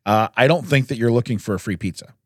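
A man hosting a podcast, chatting casually through news stories and laughing and clearing his throat often. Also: medium pitch, fast, no echo, studio quality. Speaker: podcast host.

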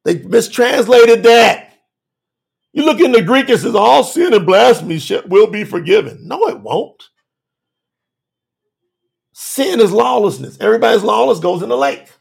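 Preacher guy w a really high raspy voice, goes up and down a lot, shouts then drops low. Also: animated, a little slow, pauses often. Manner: emphatic, swings between shouting and low asides. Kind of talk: sermon.

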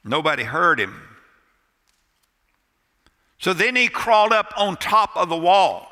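Slow, bright-voiced pastor in a reverberant church. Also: male voice, on the high side, very animated. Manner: dramatic storyteller with pauses and emphatic drops to near quiet. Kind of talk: sermon storytelling. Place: church sanctuary. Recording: long reverb of a church hall.

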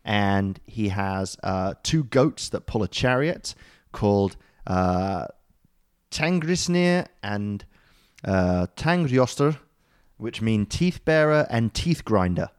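A man's voice: on the low side, expressive, slow, a little mellow, clear, resonant tone, no room sound, studio quality. A man co-hosting a podcast in a loose, joking way, with many ums and uhs and casual swearing. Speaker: podcast co-host explaining mythology.

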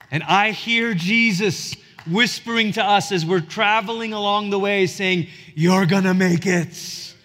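A man's voice: sits high, bright, forceful tone. A man in his forties preaching a sermon as a pastor, earnest and building to emphatic peaks. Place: church sanctuary. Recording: reverberant hall.

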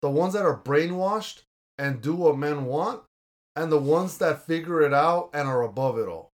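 A man's voice: on the high side, expressive, moderate pace. Blunt young man ranting about a movie. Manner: blunt, argumentative, swears casually. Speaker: podcast host. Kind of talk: casual chat, movie review.

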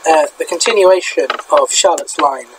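A man's voice: a little high, normal speed, background noise. A British man co-hosting a podcast, chatting casually and rambling in a self-deprecating way. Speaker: podcast co-host. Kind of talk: casual chat.

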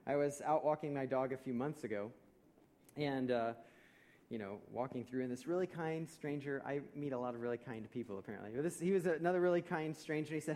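A man's voice: mid-range voice, brisk. Conversational man preaching a sermon. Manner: conversational storytelling with humor, swings loud and soft. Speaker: pastor.

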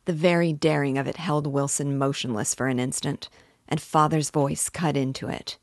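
A woman reads a novel aloud at a measured, steady pace. Her voice sits low, and the recording is dry and close with no room sound. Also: no room sound. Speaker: reader, host.

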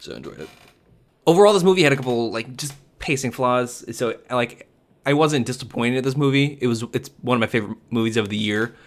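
A man's voice: mid-range voice, quick pace. A man casually recapping a movie in a chatty, rambling way, full of fillers and restarts. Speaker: movie reviewer. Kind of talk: casual spoken review.

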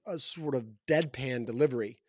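A man's voice: mid-range voice, moderate pace, a little mellow, no echo, clean studio sound. A man co-hosting a casual book discussion, talking in a thoughtful way with frequent restarts. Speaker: co-host.

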